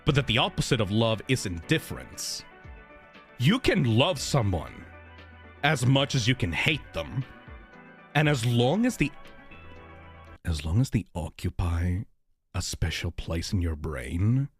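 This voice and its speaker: Animated, excitable male streamer. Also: lowish voice, unhurried, pauses often, faint music behind. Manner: excitable, giggly, swears freely. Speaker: livestream host reading donations. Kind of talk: casual livestream chat.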